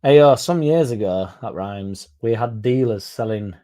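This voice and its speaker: A man's voice: medium pitch, expressive, measured pace, warm tone. A man hosting a football fan channel, chatting casually in a rambling, sweary, self-mocking way.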